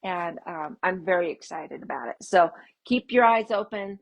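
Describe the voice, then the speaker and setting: A woman hosting a casual live-stream talk for her viewers as a parenting coach. She speaks warmly and expressively, with upbeat swoops in her voice and frequent laughs. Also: lowish voice, lively intonation, normal speed, gravelly. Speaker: podcast host and parenting coach.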